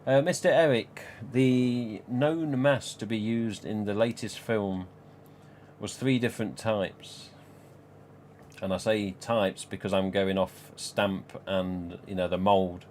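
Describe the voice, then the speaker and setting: A man's voice: lowish voice, steady tone, takes it slowly, a little mellow, a little hiss or hum. A man hosting a live stream, talking casually in a chatty, rambling way with frequent chuckles. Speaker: live stream host and collector.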